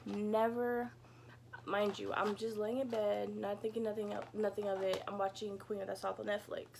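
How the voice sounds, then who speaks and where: A woman's voice: medium pitch, little pitch movement, moderate pace, creaky, noisy background. A young woman vlogger telling a casual storytime from her bedroom, chatty and peppered with "like" and "you know," swearing freely. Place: home bedroom.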